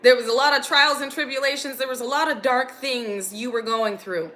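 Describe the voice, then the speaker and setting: A woman's voice: high-pitched, steady tone, fairly quick, bright, forceful tone. A young woman giving an earnest, intense channeled spiritual reading to her viewers. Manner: earnest, intense, gets emotional. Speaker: spiritual reader.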